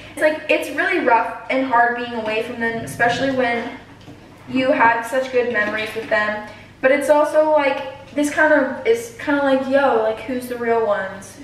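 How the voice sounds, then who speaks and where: A teenage girl casually vlogs while cooking in her home kitchen, chatting away with lots of fillers as she mashes something. Her voice sits on the high side with a fairly bright tone. The recording is very echoey, with a distant mic and a little hiss or hum.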